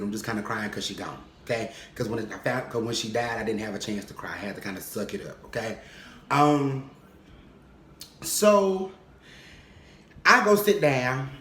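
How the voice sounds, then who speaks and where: A young man telling a funny personal story in casual vlog style, animated and comic, often checking in with "okay?". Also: medium pitch. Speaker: vlogger. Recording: roomy echo.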